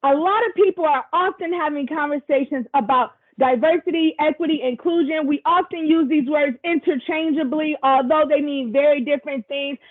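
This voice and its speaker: A woman's voice: high-pitched, normal speed, few pauses. A woman presenter facilitating a virtual workshop over a video call, chatty and encouraging, with casual asides to the group. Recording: tinny video call audio.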